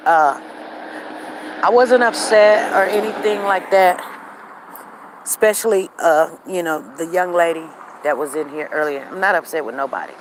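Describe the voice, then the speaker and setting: A woman's voice: slight background noise, rough recording. Chatty woman livestreaming outdoors. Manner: chatty, talks straight to her viewers and greets them by name; drops to a low, quiet tone when getting serious. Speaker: livestream host. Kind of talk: casual rambling live chat. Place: outdoors, walking.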